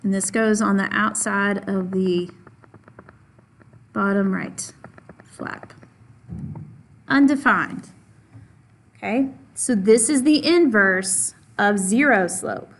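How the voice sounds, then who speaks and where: A woman's voice: mid-range voice, takes it slowly, a little hiss or hum. A woman teaching a math lesson, patiently stressing and repeating key points and answering her own questions for the class. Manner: asks questions of the class and answers them herself.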